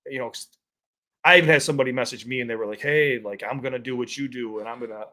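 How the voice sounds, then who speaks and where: A man talking in a loose, unscripted chat, his voice sitting at an ordinary middle pitch. He speaks candidly and swears freely. When he tells a story he gets animated. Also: fast. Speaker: content creator and co-host. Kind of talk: casual chat.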